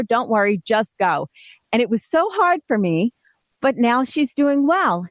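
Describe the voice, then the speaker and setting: A woman's voice: fairly high pitch, expressive, normal speed, dry recording, clean studio sound. Earnest chatty woman radio host. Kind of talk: casual parenting talk.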